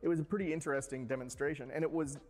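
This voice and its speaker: A man narrating a technology report at an even, explanatory pace. Faint music runs behind him. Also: on the high side, rapid-fire.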